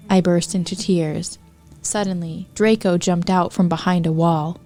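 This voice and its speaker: A woman podcast host reading fanfiction aloud for comedy, deadpan with wry asides. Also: lowish voice, unhurried, faint music behind.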